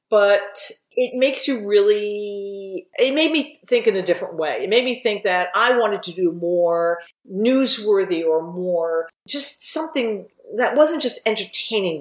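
A middle-aged woman who writes and produces TV shares frank, rambling anecdotes from her career during an interview, cursing offhandedly. She speaks at medium pitch in an echoey space.

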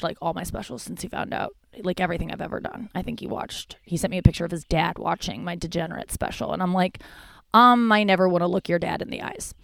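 A woman's voice: fairly low pitch, creaky, a bit bright, clean tone, no echo. Candid, rambling woman podcast host. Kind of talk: casual comedic monologue.

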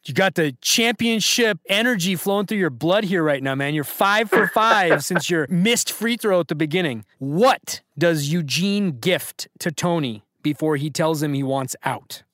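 Playful quiz-host man, bright and dry. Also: on the high side, lively intonation, unhurried, few pauses, no echo. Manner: playful, hype-man banter with callers. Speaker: podcast host and quizmaster. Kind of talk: casual trivia quiz hosting.

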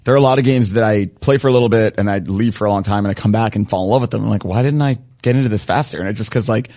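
A man's voice: on the low side, racing, warm tone. A young adult man co-hosting a casual podcast, rambling and laughing along. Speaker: podcast co-host.

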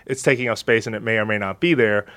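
A man's voice: lowish voice, fairly even intonation, quick pace, fairly bright tone. Thoughtful, hedging podcast co-host man. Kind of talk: casual chat.

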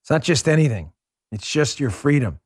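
A man from New York City hosting a podcast, delivering a heated, sarcastic political monologue that rises into shouts. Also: mid-range voice, big pitch swings, normal speed, breathy edge, no echo, clean studio sound. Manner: combative, sarcastic, rising to shouts. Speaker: podcast host.

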